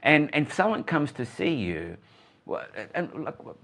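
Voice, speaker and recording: A man's voice: on the high side, very animated, normal speed, fairly bright tone. A man hosting a live interview, asking rambling questions full of restarts. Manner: rambling, many restarts and fillers. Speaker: host, interviewer.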